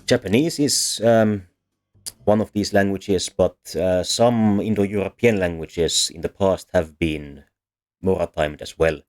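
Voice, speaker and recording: A man explaining grammar as a teacher in a lecture, drawing as he talks and pausing often with ums and self-corrections. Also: low-pitched, a little mellow. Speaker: language teacher.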